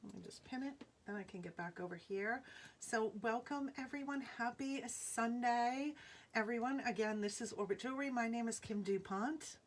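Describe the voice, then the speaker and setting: A woman's voice: a little high, moderate pace, slight background noise. A woman with a Rhode Island accent hosting a live jewelry sale from home, chatty, greeting viewers by name and laughing often. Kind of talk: casual live-stream selling chat.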